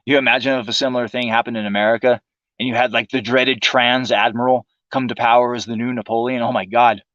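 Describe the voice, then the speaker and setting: A man's voice: mid-range voice, little pitch movement, fast talker, fairly bright tone, dry recording, highs cut off. A man hosting a livestream, delivering a profane, sarcastic political monologue in a casual ranting manner. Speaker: livestream host.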